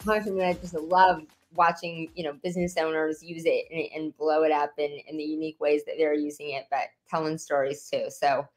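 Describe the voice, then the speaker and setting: A woman's voice: deep voice, little pitch movement, fairly quick, hardly any pauses, faint music behind. A woman hosting a podcast interview, chatting casually and enthusiastically with fillers. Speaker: podcast host.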